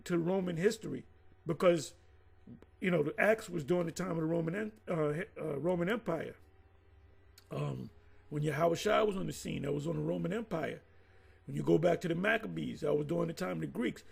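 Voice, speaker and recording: Man host, high voice with husky gravel, rambling and emphatic, unscripted commentary to his viewers. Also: a little mellow. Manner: rambling, halting, with frequent restarts and asides; emphatic, addressing viewers directly. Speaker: channel host teaching Bible history. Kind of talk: casual unscripted commentary, reading sources aloud.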